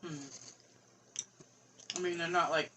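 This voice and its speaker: A woman's voice: fairly low pitch, flat delivery, slow, bright, forceful tone. A woman speaking bluntly and unimpressed in casual chat, off to the side of the microphone. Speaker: host's wife. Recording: off-mic with room noise.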